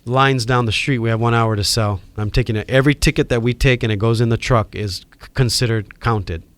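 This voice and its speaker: Dude, middle-aged, telling a wild story on a podcast, does all the voices. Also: male voice, mid-range voice, fairly quick, dry recording. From Hawaii. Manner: animated, acts out quoted voices. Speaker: guest. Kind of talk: casual storytelling.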